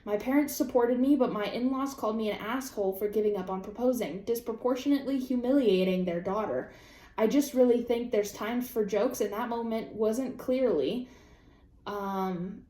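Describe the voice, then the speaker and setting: A young woman vlogger chats casually at a normal pace, reacting to online posts with animated profanity and sudden high-pitched outbursts. The sound is roomy.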